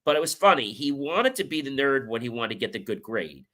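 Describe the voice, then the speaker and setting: A man's voice: mid-range voice, lively intonation, a little fast, hardly any pauses, fairly bright tone. A man hosting a motivational talk, telling personal stories casually and acting out the dialogue. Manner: casual storytelling, acts out quoted dialogue. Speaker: show host.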